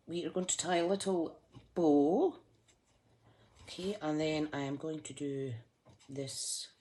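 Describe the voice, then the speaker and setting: Her voice sits low and sounds a little mellow: a Scottish woman casually talking live viewers through a craft project. She jokes about herself and keeps up the chatter while she works.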